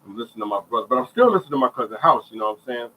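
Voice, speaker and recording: A man telling his own story in a casual, animated way, repeating phrases and checking in with listeners. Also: mid-range voice, racing, phone-quality sound, a little hiss or hum. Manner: animated storytelling, many repeated phrases, often asks "you hear me". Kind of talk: casual spoken testimony.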